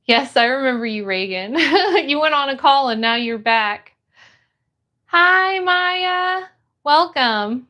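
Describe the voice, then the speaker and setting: A high-voiced young woman hosting a relaxed live stream. She talks at an unhurried pace, reading chat and greeting each viewer with a bubbly lift in her voice.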